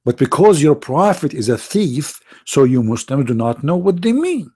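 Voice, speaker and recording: A man hosting his channel in polemical talk, slow, emphatic and scornful. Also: on the high side, sing-song, mellow, breathy edge. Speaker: channel host.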